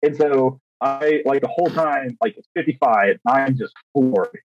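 A man's voice: mid-range voice, moderate pace, no echo. A young man, a teacher and podcast co-host, casually telling a story, acting out quotes with lots of restarts and fillers. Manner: animated, acts out quotes, frequent restarts and fillers. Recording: dry, dull lo-fi recording.

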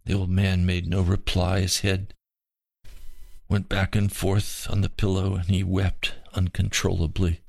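A man reads a Christian story aloud in an earnest, unhurried way. His voice is low and gravelly, and he takes his time over each phrase. The recording is close and dry. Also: completely flat delivery, darkish tone, dry recording. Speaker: narrator. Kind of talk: scripted narration of a Christian story.

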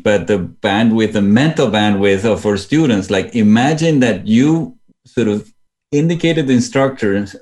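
A man's voice: on the low side, darkish tone. A man interviewed as an educator, explaining in a thoughtful way and sometimes restarting his sentences. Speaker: guest educator. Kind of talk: conversational interview.

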